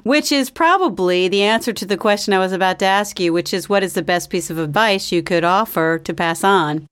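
A woman's voice: mid-range voice, a little fast, a bit bright, clean tone, dry recording, studio quality. A woman hosting an interview show, leading a casual chat in a friendly, encouraging way and laughing often. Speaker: talk show host.

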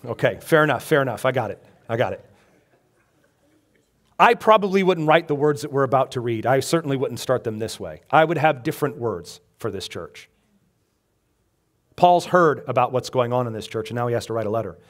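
A man's voice: medium pitch, animated, brisk. A male pastor giving a sermon, reading scripture aloud and joking with the congregation between readings. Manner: conversational, joking asides to the congregation.

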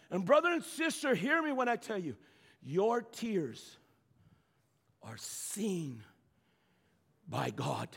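A man's voice: very high voice, a bit bright. A man preaching a sermon to his congregation, stammering into restarts and calling out to the room. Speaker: pastor. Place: church sanctuary. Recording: echoey church hall.

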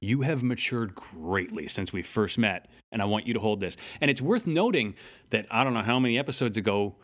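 A man's voice: fairly low pitch, a little fast. A man co-hosting a podcast, recapping a cartoon episode in casual chat and acting out the characters' lines in playful voices. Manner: animated, acts out character lines in funny voices. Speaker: podcast co-host.

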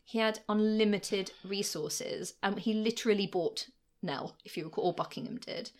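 A woman's voice: medium pitch, normal speed. A woman co-hosting a podcast, telling history stories in a chatty, casual way, with many "like" fillers and frequent laughs. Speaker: podcast co-host.

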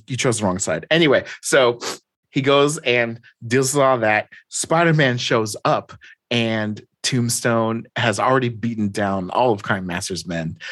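A man's voice: mid-range voice, a little slow, fairly bright tone, no echo. A man casually recapping a comic plot, rambling and acting out the lines. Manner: rambling storytelling with voiced quotes.

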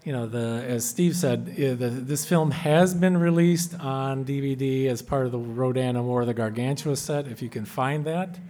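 A man's voice: medium pitch, moderate pace, hardly any pauses, mellow. A man on a live convention panel, addressing the audience directly with hesitant fillers.

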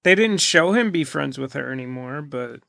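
A man's voice: fairly high pitch, animated, moderate pace, gravelly, fairly bright tone, dry recording, clean studio sound. A man co-hosting a podcast, chatting casually and arguing his points with easy laughter. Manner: casual, argumentative, laughs easily. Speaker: podcast co-host. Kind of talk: casual chat.

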